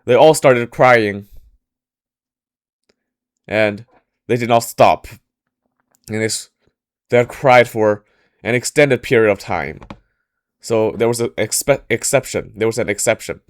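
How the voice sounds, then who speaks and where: A man telling a history story in a casual podcast style, halting often and correcting himself mid-sentence. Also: mid-range voice. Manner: halting, frequent restarts and self-corrections.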